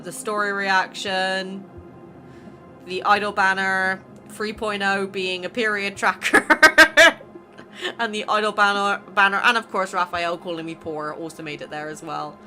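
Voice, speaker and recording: A woman casually chatting as a YouTube creator, excitable and full of exclamations as she goes over her channel. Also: medium pitch. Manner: excitable, exclaiming, laughs between remarks. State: emotional, near tears. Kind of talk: casual vlog chat reviewing channel stats.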